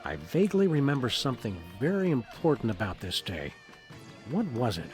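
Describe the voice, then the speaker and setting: A man voicing a calm, upright dog detective in a video game, speaking in polite, measured, wordy phrases. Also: mid-range voice. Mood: dry. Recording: game audio under music.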